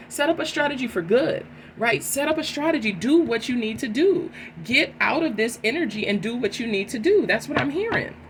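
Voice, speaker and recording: Lady doing a tarot reading, all fired up, says "right?" a lot, faint hiss behind her. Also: mid-range voice. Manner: animated, emphatic, keeps adding "right?". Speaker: tarot reader.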